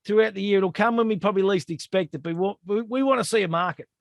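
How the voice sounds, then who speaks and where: Aussie bloke, fairly high voice, matey and jokey sports banter, dry close sound. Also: male voice, fast talker, vocal fry, no echo. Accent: Australian. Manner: matey, jokey, keeps calling listeners "kids". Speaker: podcast host. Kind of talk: casual sports chat.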